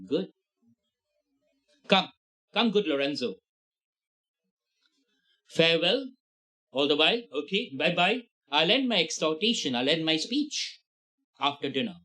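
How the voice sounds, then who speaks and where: A man teaches a play with lively energy. His voice sits slightly high for a man. He keeps breaking into acted-out voices for the characters. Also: low-quality recording. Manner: animated, acts out lines in shifting voices. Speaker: literature tutor. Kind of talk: explaining a play to students.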